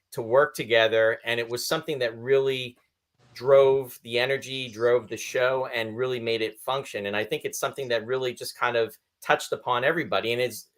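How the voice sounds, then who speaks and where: A man's voice: mid-range voice, fairly bright tone. Earnest male podcast host. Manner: earnest, reflective. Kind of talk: interview chat.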